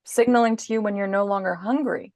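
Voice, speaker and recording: A woman guest on a podcast, calmly and patiently explaining parenting advice in an instructive way. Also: medium pitch, a little fast, no echo, studio quality.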